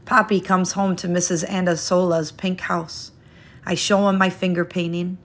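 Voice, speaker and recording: Gentle woman reading a picture book. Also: on the low side. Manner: gentle, expressive, unhurried storytelling. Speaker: storyteller. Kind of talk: children's picture book read-aloud.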